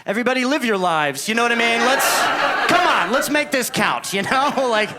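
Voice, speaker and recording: A man from the United States performing a self-deprecating, deadpan stand-up set on a club stage. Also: very high voice, brisk, over a noisy crowd. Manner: deadpan, self-deprecating, acts out others in quoted asides. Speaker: stand-up comedian. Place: comedy club stage before a laughing crowd. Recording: live club recording with audience noise.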